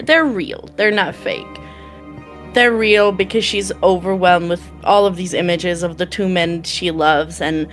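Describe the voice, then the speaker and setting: A woman playing a tabletop role-playing game, describing her character's actions hesitantly as she thinks aloud. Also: on the low side. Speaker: player.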